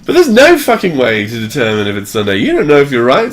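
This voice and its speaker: A man's voice: mid-range voice, huge pitch swings, quick pace. A man in his forties, tipsy from drinking, rambling profanely through a casual livestream monologue and chuckling between thoughts. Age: 40s. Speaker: livestream host.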